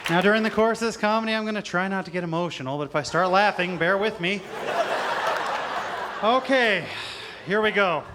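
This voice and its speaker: A man's voice: high voice, brisk, long pauses, very noisy. A man doing a stand-up comedy set on a live stage, self-deprecating and switching between mock solemnity and bursts of energy. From not from Utah, moved there. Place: live stage before a large audience. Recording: live show with loud crowd laughter.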